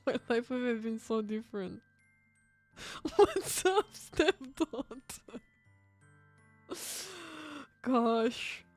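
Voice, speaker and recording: A woman streamer commenting on a game live, laughing and exasperated as she begs her chat. Her voice is fairly high and her pace slow and drawn out. The sound is dry and close, with faint music underneath. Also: expressive, no room sound.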